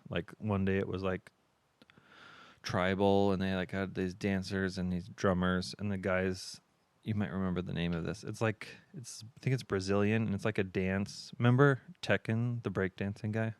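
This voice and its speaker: A man's voice: low-pitched, level tone, normal speed, smooth, no echo. A man co-hosting a podcast, telling a rambling story in casual chat with lots of fillers. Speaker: podcast co-host.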